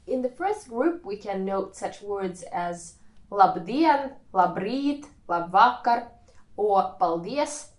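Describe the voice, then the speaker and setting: Woman teaching a language lesson, slow careful explaining, echoey room. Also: mid-range voice, big pitch swings, mellow.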